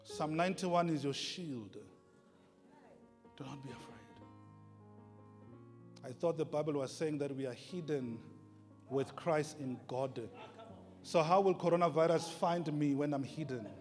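Male preacher, slightly high voice, hushed-to-shouting delivery, long hall reverb. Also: a little slow, long pauses. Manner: swings from hushed to shouting, repeats phrases. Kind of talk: sermon. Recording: long reverb in a large hall, music behind.

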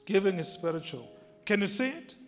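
A male pastor preaches a sermon with emphasis, repeating key phrases and drawing out words. His high-pitched, gravelly voice is very animated and brisk. A large hall's long reverb and faint music surround him.

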